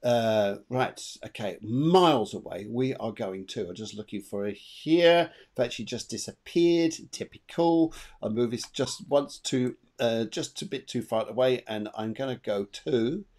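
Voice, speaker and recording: A man giving live psychic readings as co-host of an online show, chatty and animated, repeating himself as he goes. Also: mid-range voice, a little slow, hardly any pauses. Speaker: medium and co-host. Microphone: video call.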